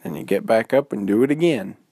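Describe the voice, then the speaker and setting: A man's voice: lowish voice, lively intonation, brisk, warm tone, husky, dry recording. A man doing a friendly talking bear. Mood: encouraging. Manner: cheerful, coaxing, laid-back. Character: friendly talking male bear, encouraging and easygoing. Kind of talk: bedtime story voice.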